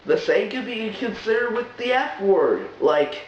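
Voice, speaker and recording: A man hosting a comic vlog, ranting to camera in an exasperated, animated way. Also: sits high, unhurried. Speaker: vlog host. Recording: echoey room, distant lo-fi mic.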